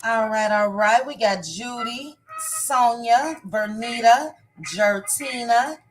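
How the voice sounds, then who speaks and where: A woman's voice: a little high, slow, music in the background, rough recording. A woman hosting a casual live stream, greeting viewers by name one after another. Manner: warm shout-outs, reading names one by one.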